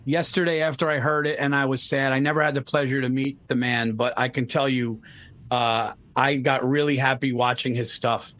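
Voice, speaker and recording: A man's voice: medium pitch, normal speed. A man in casual chat, telling stories with lots of swearing and imitating people. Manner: animated storytelling, swears a lot, mimics people. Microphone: remote call.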